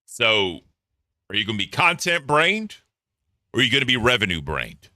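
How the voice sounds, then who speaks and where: A man's voice: mid-range voice, very animated, moderate pace, sharp tone, no echo, studio quality. A man doing casual reaction commentary, blunt and profane, reading donor messages aloud. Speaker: commentary streamer.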